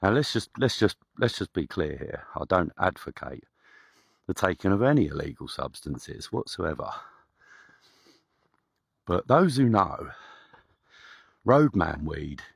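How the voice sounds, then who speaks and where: A man's voice: low voice, big pitch swings, unhurried, vocal fry, long pauses, breathy edge, no echo, clean studio sound. A man telling a rambling personal story in a chatty, swearing, casual way. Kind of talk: casual spoken anecdote.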